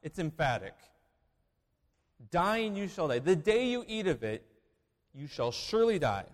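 Emphatic preacher with a lively, high voice. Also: male voice, in a large hall. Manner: emphatic, swings between loud declarations and hushed asides. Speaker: pastor. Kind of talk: sermon.

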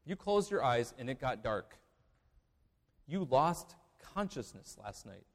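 A male pastor preaching a sermon, emphatic, moving between loud declarations and hushed asides. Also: mid-range voice, big pitch swings, takes it slowly, big-room sound.

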